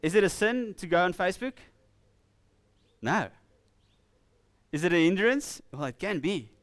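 South African male preacher, earnest, slightly high, clean and dry sound. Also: very animated, no room sound. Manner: earnest, with laughing asides and slow emphatic scripture reading. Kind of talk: sermon. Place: church.

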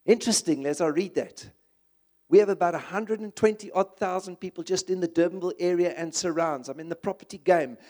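High-voiced preacher. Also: male voice, brisk, darkish tone. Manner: impassioned, conversational preaching with emphatic repetition. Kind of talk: sermon.

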